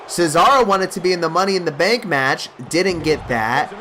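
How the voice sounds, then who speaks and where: A man giving mock play-by-play wrestling commentary over gameplay, excitable like a hype announcer. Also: a little high, normal speed, a crowd in the background.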